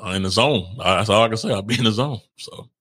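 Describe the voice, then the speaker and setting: A man's voice: on the low side, quick pace, a bit bright, slightly rough, no room sound. A man co-hosting a casual relationship podcast, talking in slang, repeating himself and laughing often. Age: adult, older than co-host. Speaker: podcast co-host.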